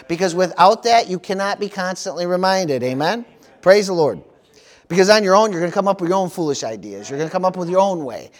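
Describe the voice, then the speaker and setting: With a high voice, a middle-aged pastor from the United States preaches, punctuating his sermon again and again with "praise the Lord" and "amen."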